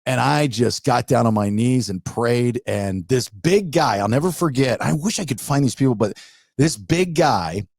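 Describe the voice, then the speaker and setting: This podcast co-host is a middle-aged man with a gravelly, medium-pitched voice who speaks at normal speed. Chatting casually, he tells a story as an animated storyteller, performing what people said. It's a dry, studio-quality recording.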